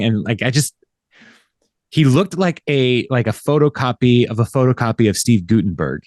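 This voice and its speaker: A man's voice: mid-range voice, expressive, moderate pace, a little mellow, no room sound, clean studio sound. A man hosting a podcast, casually recapping an episode with a rambling manner, laughing often and acting out the characters' lines. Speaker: podcast host.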